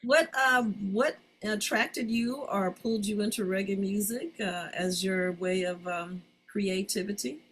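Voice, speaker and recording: A woman's voice: medium pitch, a little slow, few pauses, fairly bright tone, breathy edge, rough recording. A woman hosting an online community panel, asking questions with many ums and encouraging words. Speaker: host.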